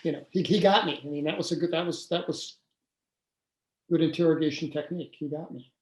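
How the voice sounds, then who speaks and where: An older man recounts his story as an interview guest, talking loosely with plenty of fillers and false starts. His voice sits fairly high for a man and rings in an echoey room. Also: a little fast. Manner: conversational, many fillers and restarts.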